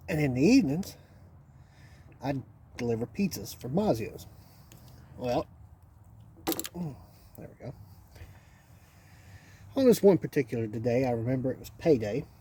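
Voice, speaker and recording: A middle-aged man with a dark, mellow voice tells a long story in a folksy way, rambling along and repeating phrases. He talks casually while he wrenches in his home garage. The sound comes from a camera mic, with faint noise in the background. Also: medium pitch. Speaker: channel host working on an old three-wheeler.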